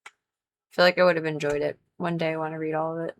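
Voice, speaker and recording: A young woman hosts a casual gaming livestream, rambling and chatty with lots of "like" fillers, sleepy, yawning, and a bit stuffy-nosed. Her low voice is flat and quick, with slight background noise.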